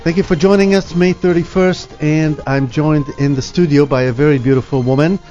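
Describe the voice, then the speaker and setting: Male radio host, slightly high voice, easygoing chat, muffled lo-fi sound. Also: fairly quick, warm tone, faint music behind. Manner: laid-back, many fillers. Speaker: radio morning show host. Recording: dull lo-fi radio audio.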